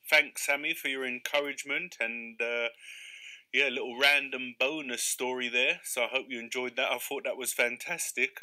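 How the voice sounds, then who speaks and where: A man's voice: mid-range voice, sharp tone. A man reading a comic short story aloud live, then chatting casually about it. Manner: casual, chatty asides with fillers. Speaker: reader.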